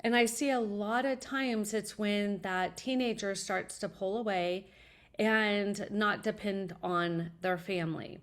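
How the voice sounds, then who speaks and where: A woman's voice: medium pitch, steady tone, takes it slowly. Upbeat, earnest middle-aged woman. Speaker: guest, college advisor. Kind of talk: interview answer, personal storytelling.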